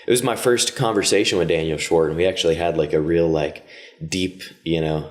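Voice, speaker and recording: A man's voice: deep voice, a little fast. A man from the Austin area, a jiu-jitsu coach telling easygoing stories as a podcast guest. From Austin area, Texas. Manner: friendly, easygoing, rambling anecdotes. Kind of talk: casual storytelling.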